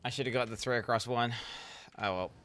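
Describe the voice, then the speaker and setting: A man's voice: medium pitch, brisk, a bit bright, a little hiss or hum. A man in his thirties streaming a game and chatting loosely with his viewers, swearing constantly and joking around. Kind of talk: casual live-stream chat.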